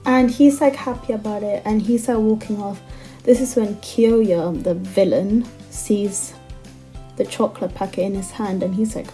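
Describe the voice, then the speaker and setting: A woman's voice: medium pitch, fairly even intonation, unhurried, mellow, soft background music. A young woman casually recapping a manga, talking in a chatty way with lots of "like" fillers and exasperated asides. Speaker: manga commentator.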